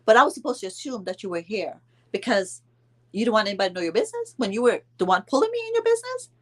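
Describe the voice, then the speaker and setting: A woman's voice: medium pitch, very animated, very fast. A middle-aged woman telling a story to camera, retelling a family feud with indignant quoted dialogue and mild cursing. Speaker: storyteller vlogger. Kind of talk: casual storytime vlog.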